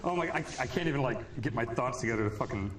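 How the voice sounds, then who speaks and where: A man's voice: medium pitch, expressive, very fast. A man muttering nervously and swearing while playing through a hard level. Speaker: player attempting a game level. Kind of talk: casual gameplay chatter. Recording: echoey room with loud music.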